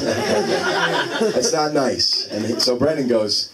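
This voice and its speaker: Recorded from a distant mic in a noisy room, this stand-up comic in his thirties jokes about his kids at his own expense in a small live venue. He speaks on the low side at a normal speed, with lively intonation and few pauses.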